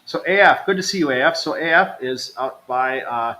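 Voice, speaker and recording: Hosting a live travel stream, this man chats casually and reads viewer comments in an upbeat way, calling his audience "you guys." His fairly high, bright voice has lively intonation, a forceful tone and a moderate pace, though he's low on energy while recovering from stomach trouble. The recording is rough.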